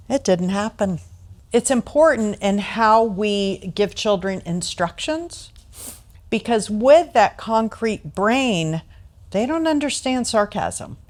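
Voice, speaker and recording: An American woman in middle age speaks in a plain mid-range voice to a training audience. She teaches through stories from home and slips into the voices of the people she quotes. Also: mid-range voice. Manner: storytelling, acts out quoted voices. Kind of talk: training talk with anecdotes.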